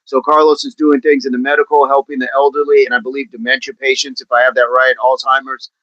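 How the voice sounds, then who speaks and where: A man's voice: medium pitch, little pitch movement, fast, sharp tone, no room sound, highs cut off. A man hosting a casual fitness livestream, chatting with viewers in a rambling way and laughing often.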